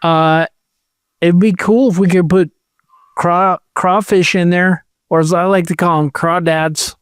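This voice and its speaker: A man with a smooth, clear voice, a touch higher than most, chats as a podcast co-host. He rambles in a jokey, animated way. The sound is dry and close. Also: measured pace, no echo. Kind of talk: casual chat.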